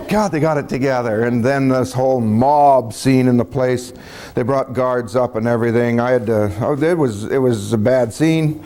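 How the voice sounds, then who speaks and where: A man's voice: medium pitch, moderate pace, darkish tone. Folksy chuckling man telling a story. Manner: folksy, chuckling, acts out dialogue. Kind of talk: casual spoken storytelling.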